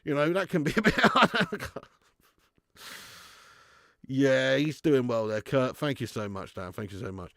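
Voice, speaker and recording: A man's voice: medium pitch, expressive, measured pace, vocal fry, long pauses, a bit bright, no room sound, clean studio sound. A young adult man hosting a casual livestream, chatty, laughing often and reading out viewer comments. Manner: chatty, laughs often, puts on mock regional accents. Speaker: fan channel livestream host.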